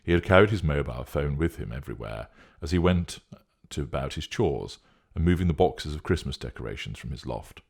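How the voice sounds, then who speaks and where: A man narrating a story in a steady, measured reading voice. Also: extremely low pitch, vocal fry, slightly rough.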